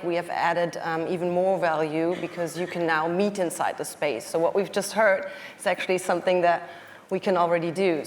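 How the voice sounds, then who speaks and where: A woman with a German accent speaking on a conference panel, often pausing with fillers and restarting her sentences. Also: lowish voice, long reverb tail. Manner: hesitant, many fillers and restarts. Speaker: panelist, company executive.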